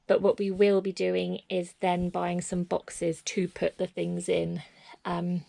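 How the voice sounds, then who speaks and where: A woman's voice: on the low side, monotone, takes it slowly, vocal fry, dark tone. A woman vlogging in a casual, rambling way, full of fillers and restarts, part of it from a small lean-to shed. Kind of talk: casual chat to camera.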